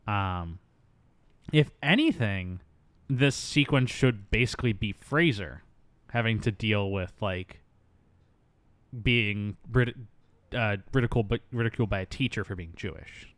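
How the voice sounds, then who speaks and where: A man's voice: on the low side, a little slow, pauses often, a bit bright, dry recording. A man hosting a casual movie review podcast, rambling and jokey, now and then slipping into silly voices. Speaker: podcast host.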